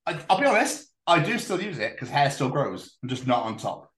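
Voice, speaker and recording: A man's voice: on the high side, big pitch swings, brisk, a bit bright. Rambling, joking man in a roomy space. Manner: swearing, rambling, jokey. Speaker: podcast host. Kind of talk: casual chat. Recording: roomy echo.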